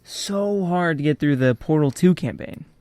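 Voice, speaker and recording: A man's voice: fairly high pitch, expressive, moderate pace, darkish tone, dry recording. A teenage man telling a gaming story in a casual podcast chat, chuckling along. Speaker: podcast co-host.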